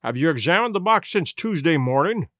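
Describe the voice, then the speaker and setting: A man's voice: fairly high pitch, lively intonation, a bit bright, no echo, studio quality. A man voicing a cool, shrewd detective. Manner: measured, cool reasoning. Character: calm shrewd male detective.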